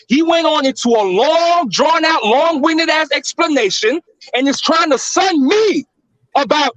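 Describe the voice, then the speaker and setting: A man's voice: very high voice, lively intonation, moderate pace, fairly bright tone, dry recording, rough recording. A man on a discussion panel, ranting heatedly and with a lot of profanity.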